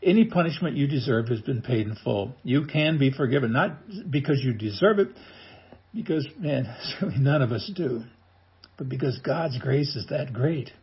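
A man's voice: medium pitch, breathy edge, muffled recording. A man preaching an earnest pastoral sermon, speaking directly to listeners as friends. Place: recorded at home for online streaming.

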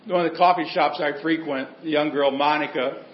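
Higher-voiced man preaching, echoey hall. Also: fairly even intonation, moderate pace, highs cut off. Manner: conversational storytelling with humor. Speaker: pastor. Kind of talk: sermon.

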